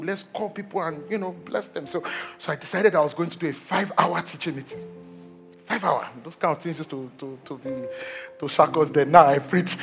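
Nigerian male pastor, 30s, high pitch, animated storytelling sermon over soft music. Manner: animated storytelling, repeats words, acts out quotes.

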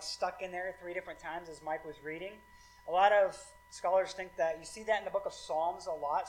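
A man's voice: high voice, fairly bright tone, a little hiss or hum, low-quality recording. A man preaching a sermon as pastor in a casual, conversational way, often checking in with his listeners. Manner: casual and conversational, many fillers like "like" and "right".

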